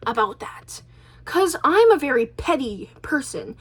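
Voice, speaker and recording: A woman vlogger with a high-sitting voice and big pitch swings rambles chattily at a moderate pace. Her casual monologue is self-deprecating, marked by a stutter and many restarts.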